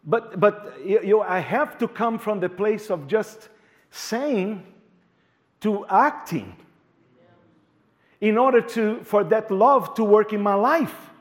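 A male pastor preaching a sermon in an animated way, repeating words and joking with the congregation. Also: high-pitched, slow pace, pauses often.

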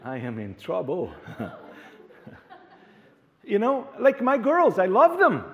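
A male pastor preaching a sermon in an animated way, repeating words and joking with the congregation. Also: sits high, takes it slowly, muffled recording.

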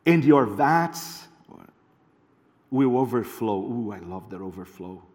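A male pastor preaching a sermon in an animated way, repeating words and joking with the congregation. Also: fairly low pitch, slow pace.

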